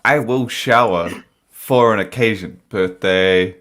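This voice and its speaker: A man's voice: fairly low pitch, slow pace, fairly bright tone. A man telling a story on a podcast panel in a laid-back, profane, casual way, acting out the dialogue he quotes. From New Zealand.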